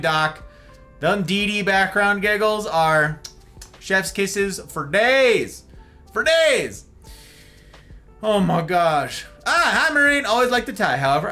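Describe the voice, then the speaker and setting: Man, middle-aged streamer, casual playful chat, fairly high voice, faint background music. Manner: playful, animated, trails off into quiet asides. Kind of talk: casual live-stream chat reading viewer comments.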